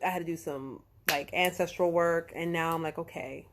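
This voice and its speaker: A woman's voice: lowish voice, steady tone, moderate pace, background noise. A woman talks casually as a tarot reader on a live stream. Her delivery is loose and slangy, with a curse here and there. She keeps checking in with "okay?" and "right?" and corrects herself as she goes.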